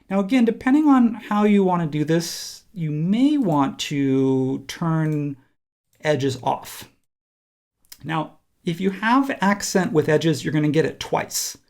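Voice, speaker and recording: A man teaching a software tutorial, talking casually and thinking aloud while he clicks through steps. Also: a little high. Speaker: instructor. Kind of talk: screen-recorded software tutorial.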